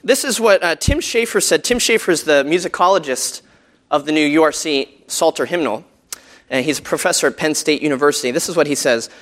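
A man's voice: a little high, a little fast, a bit bright. A man teaching a class about a hymn tune, speaking conversationally and asking his listeners questions, with frequent ums and uhs. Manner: conversational, asks the audience questions, many fillers. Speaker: church music teacher. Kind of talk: lecture to a group.

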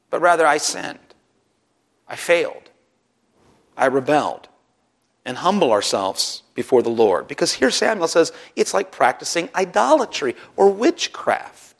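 A man preaching a sermon to his congregation, animated, often rising sharply in pitch and loudness to stress a point. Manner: animated preaching, voices Bible figures with sarcasm; rises sharply in pitch and volume for emphasis. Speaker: pastor.

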